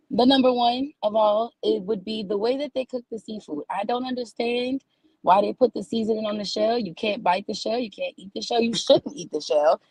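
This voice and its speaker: A woman's voice: a little high, darkish tone, husky, no echo, poor audio. A woman from New Orleans with a New Orleans accent, performing stand-up comedy in a folksy, scolding auntie tone that calls people baby. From New Orleans, USA.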